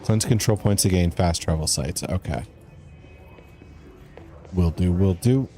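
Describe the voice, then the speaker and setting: A man's voice: low voice, unhurried, warm tone. A man streaming a game live, chatting casually with his viewers and reading in-game letters aloud.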